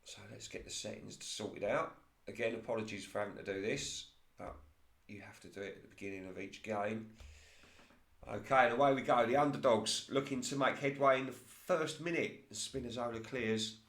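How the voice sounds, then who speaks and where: Excitable man calling his own football sim. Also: fairly low pitch, normal speed, reverberant. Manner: excitable play-by-play, laughs at his own slips. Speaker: commentator of his own football management game. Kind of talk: casual solo game commentary.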